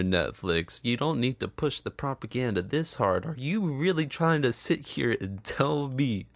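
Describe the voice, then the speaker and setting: Man, sarcastic film commentary, profane, laughs a lot, gravelly, dry. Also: medium pitch, dry recording. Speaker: movie reaction commentator. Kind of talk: casual film review commentary.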